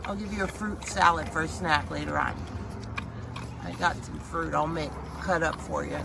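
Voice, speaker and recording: A woman's voice: steady tone, normal speed, gravelly. A woman vlogging her morning farm chores outdoors, chatting to her animals in a sing-song voice and speaking for them. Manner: talks to animals in a high sing-song voice, voices what they think. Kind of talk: casual vlog narration while doing farm chores. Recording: noisy outdoor farm audio. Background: turkeys and fowl gobbling.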